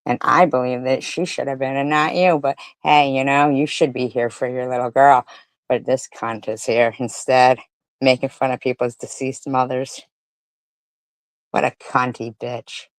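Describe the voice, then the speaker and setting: A woman giving angry live-stream commentary, ranting furiously and profanely, swinging between loud outbursts and low mutters. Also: steady tone, normal speed, no echo.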